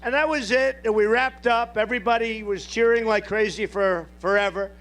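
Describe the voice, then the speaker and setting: High-pitched man giving a boastful rally speech. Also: moderate pace, fairly bright tone. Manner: boastful, repetitive, off-the-cuff crowd oratory. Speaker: presidential candidate at a rally. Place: outdoor airport rally.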